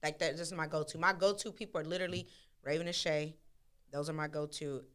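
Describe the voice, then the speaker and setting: A woman's voice: low-pitched, fast, clean tone. A woman, co-hosting a podcast in casual chat, telling stories candidly with slang. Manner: candid, animated storytelling with slang. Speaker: podcast co-host.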